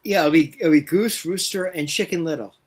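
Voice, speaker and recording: A man's voice: fairly high pitch, fairly quick. A man co-hosting a casual live watch-along stream, talking hesitantly with lots of filler sounds. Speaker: co-host.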